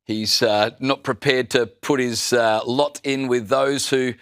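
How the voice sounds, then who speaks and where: A man's voice: mid-range voice, fairly even intonation, takes it slowly, fairly bright tone, clear, resonant tone, no room sound. Dry dismissive man, close and dry. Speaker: panelist. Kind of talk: opinionated panel commentary.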